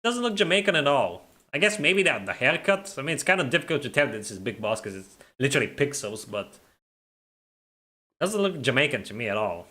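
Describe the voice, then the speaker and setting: A man's voice: mid-range voice, very animated, brisk, sharp tone. Joking young man streaming live. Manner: jokey, laughs often, teasing viewers; stumbles and repeats words. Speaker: streamer reading chat. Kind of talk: casual live-stream chat.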